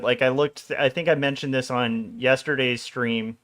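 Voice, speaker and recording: A man's voice: medium pitch, fairly even intonation, a little slow, fairly bright tone. Rambling, jokey man streaming his art. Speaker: illustrator streaming his drawing work. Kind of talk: casual livestream chat while drawing.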